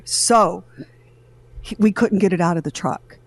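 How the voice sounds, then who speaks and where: A middle-aged woman on a podcast tells a story in a casual, animated way and slips into the voices of the people she quotes. Her pitch sits in the middle range. The sound is dry and close, with no room echo. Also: normal speed, long pauses. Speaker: podcast co-host.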